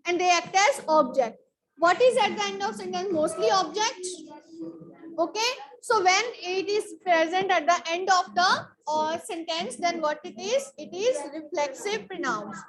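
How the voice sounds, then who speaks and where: A woman's voice: very high-pitched, measured pace, crowd noise, rough recording. A woman teacher giving a grammar lesson in a school classroom. She asks a question, answers it, and repeats it as a drill, calling on students by name.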